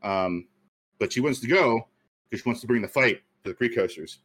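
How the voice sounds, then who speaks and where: A man's voice: mid-range voice, expressive, normal speed, fairly bright tone. Rambling, laughing podcast host man. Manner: rambling, many fillers and self-amused laughs. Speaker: podcast host pitching a movie idea. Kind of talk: casual chat.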